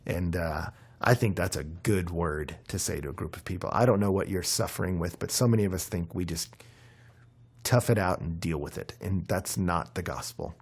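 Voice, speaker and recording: A young man preaching in a loose, conversational way, his voice worn down and hoarse. He sits fairly low and sounds rough and husky, and he leans hard into key words. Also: moderate pace. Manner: conversational, animated preaching with many fillers. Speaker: pastor. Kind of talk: sermon.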